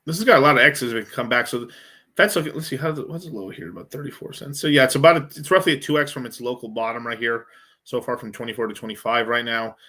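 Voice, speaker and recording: A man's voice: medium pitch, fast talker, sharp tone. A man hosting a crypto livestream, chatting casually and profanely as he rambles through charts. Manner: profane, rambling, thinking aloud. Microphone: streaming setup mic.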